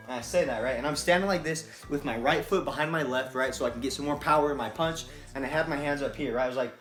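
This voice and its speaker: A man telling a personal story to camera in a casual, animated and profane way, often checking in with "right?". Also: mid-range voice, fast talker. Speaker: vlogger. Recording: roomy echo, faint music.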